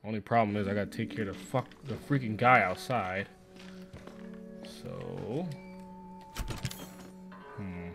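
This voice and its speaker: Swearing man muttering over loud game music. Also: fairly low pitch, unhurried, gravelly, long pauses. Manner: profane, frustrated muttering with startled outbursts. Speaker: gameplay streamer. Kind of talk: live gameplay commentary.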